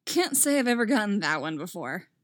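A woman's voice: mid-range voice, very animated, fairly quick, dry recording, lightly acted. A woman voicing a composed, teasing young female med student in a read-aloud story, close to her own voice.

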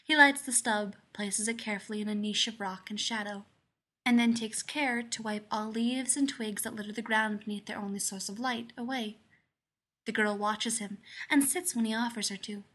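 A woman reading fan fiction aloud in a soft, measured storytelling voice. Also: on the high side, fairly even intonation. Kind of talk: scripted narration.

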